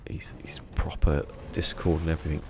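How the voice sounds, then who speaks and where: A man's voice: a bass voice, level tone, brisk, in a whisper. A man streaming a game live, chatting casually in a rambling, self-mocking way.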